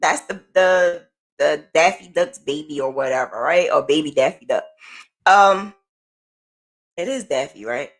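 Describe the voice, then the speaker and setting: A woman's voice: deep voice, unhurried, pauses often. A woman crochet vlogger chatting casually and candidly, swearing now and then and acting out the people she quotes. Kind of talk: casual chat.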